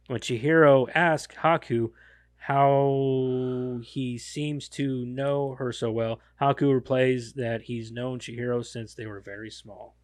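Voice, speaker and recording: A man's voice: medium pitch, no echo, studio quality. A man hosting a podcast, reading a film summary aloud in a casual way, stumbling and correcting himself. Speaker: podcast host.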